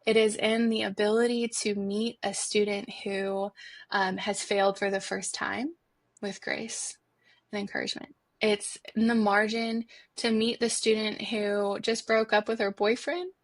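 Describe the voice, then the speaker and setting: A woman's voice: medium pitch, vocal fry, fairly bright tone, dry recording. A woman guest on a podcast interview, speaking in an earnest, heartfelt way with frequent restarts. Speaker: guest, foundation institute director.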